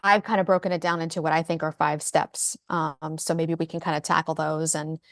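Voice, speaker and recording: A woman's voice: sits low, level tone, brisk, dry recording, clean studio sound. A woman co-hosting a casual chat about marketing, talking in a chatty way with lots of fillers and restarts over a video call. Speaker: co-host.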